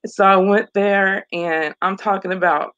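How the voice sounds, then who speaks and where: A woman's voice: medium pitch, steady tone, a little slow, a bit bright. Woman guest, heartfelt personal testimony, repeats herself, dull lo-fi audio. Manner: earnest, repeats phrases, breaks into laughs. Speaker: program graduate guest.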